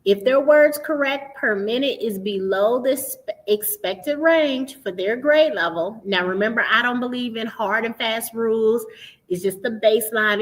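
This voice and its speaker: A woman's voice: a little high, fairly bright tone, poor audio. Woman explaining reading skills to parents. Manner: explanatory, checks in with frequent "right?" and "okay?". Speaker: literacy educator and podcast host. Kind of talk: instructional talk to parents.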